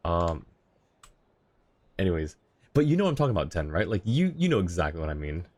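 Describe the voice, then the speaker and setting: A man's voice: deep voice, sing-song, a little fast, darkish tone. A man streaming a game, chatting casually with viewers, rambling and laughing often. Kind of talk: casual live-stream chat.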